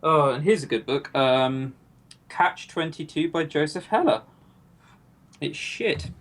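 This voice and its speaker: A man's voice: fairly high pitch, animated, takes it slowly, background noise. Rambling, jokey male co-streamer. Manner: rambling, jokey, self-deprecating. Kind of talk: casual let's-play commentary.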